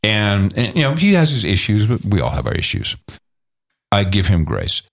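A man's voice: on the low side, moderate pace. A middle-aged man hosting a casual chat, telling anecdotes with lots of acted-out quotes. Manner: animated anecdotes, acts out quoted voices. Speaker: podcast host.

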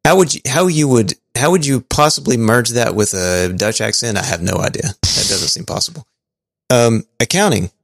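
A man's voice: medium pitch, expressive, moderate pace, dry recording, studio quality. A man co-hosting a podcast, reading out listener messages in a casual, stumbling way with small chuckles. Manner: stumbling, chuckling, thinking aloud. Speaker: podcast co-host.

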